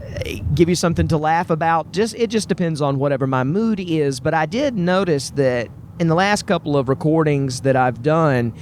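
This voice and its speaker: Southern guy doing his solo podcast, kinda high voice, earnest and upbeat, just chatting. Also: lively intonation, moderate pace, darkish tone, slight background noise. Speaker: podcast host.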